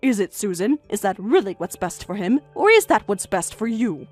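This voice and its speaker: In a narrated story, a woman voices an older grandmother who sounds calm and firm. Her medium-pitched delivery is measured and steady, with faint music underneath.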